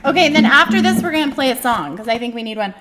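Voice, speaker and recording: A woman's voice: sits high, expressive, rapid-fire, a bit bright, soft background music. An American woman hosting a live stream, chatting in a bubbly, teasing way. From United States. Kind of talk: casual chat.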